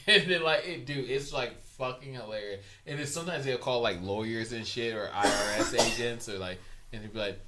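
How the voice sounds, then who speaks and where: A man's voice: medium pitch, brisk, background noise. A man in casual podcast chat, telling stories animatedly and laughing often. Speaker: podcast guest.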